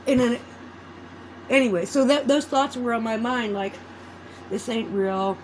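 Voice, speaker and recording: A woman's voice: fairly high pitch, normal speed, darkish tone, a little hiss or hum, rough recording. A woman vlogging in a casual, rambling chat. She swears freely and loses her train of thought.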